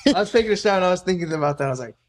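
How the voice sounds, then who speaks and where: A man's voice: high voice, animated, very fast, a little hiss or hum. Young adult man, fighter guest, casual chat, humble and laid-back.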